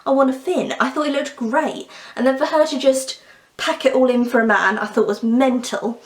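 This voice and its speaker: Young woman ranting about a fairy tale, kinda high voice, echoey room, sarcastic and chatty. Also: moderate pace. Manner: chatty, opinionated, sarcastic asides. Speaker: book and film reviewer. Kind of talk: casual chat. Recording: roomy echo.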